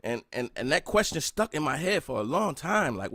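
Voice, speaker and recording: A man's voice: a little high, big pitch swings, normal speed, sharp tone, no room sound, studio quality. A man in his thirties hosting a podcast, earnestly telling a personal story and often checking in with "right?". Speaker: podcast host.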